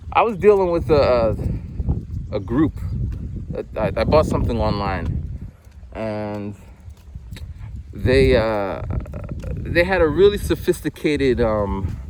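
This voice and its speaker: A man in his forties talks his way through a long story with many restarts and the odd curse, and his pitch jumps around a lot. He is out in the countryside walking home. Steady wind noise sits under his voice. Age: 40s. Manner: meandering storytelling with many restarts and casual swearing. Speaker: vlogger. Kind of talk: rambling casual monologue. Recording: outdoor recording with wind noise.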